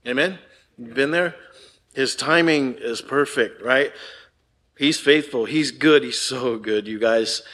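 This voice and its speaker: An older man preaching a conversational sermon, asking the congregation "right?" often and moving between hushed and emphatic delivery. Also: medium pitch, takes it slowly. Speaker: pastor.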